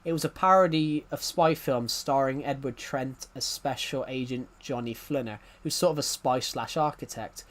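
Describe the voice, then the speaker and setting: A man's voice: mid-range voice, moderate pace, few pauses, fairly bright tone. A young man chatting casually on a live stream, rambling and self-deprecating, often laughing and restarting his sentences.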